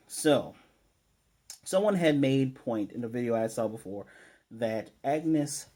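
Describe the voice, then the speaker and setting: A man reviewing a TV episode in a casual spoiler recap, rambling with lots of fillers and self-corrections and getting animated over his theories. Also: medium pitch.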